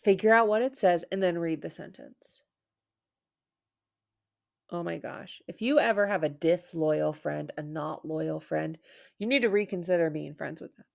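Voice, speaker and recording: A woman's voice: lowish voice, normal speed, gravelly. A woman teacher giving an online reading lesson for children, playful and theatrical, with dramatic mock sadness.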